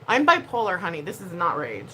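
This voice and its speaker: A woman vlogger talks straight to her camera in a loose, casual way. Her voice leaps around in pitch with a bright, forward edge, and she keeps moving between quiet mutters and sudden loud bursts. A faint hiss sits under the recording. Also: brisk, poor audio. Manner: animated, expressive, swings between soft and loud. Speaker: YouTuber.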